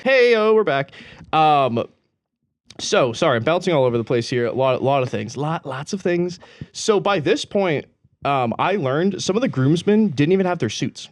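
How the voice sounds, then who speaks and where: Casual storytelling from a young podcast co-host, rambling, profane, and full of slang and laughs. His voice is a little high and expressive at a moderate pace, recorded with clean studio sound and no room noise.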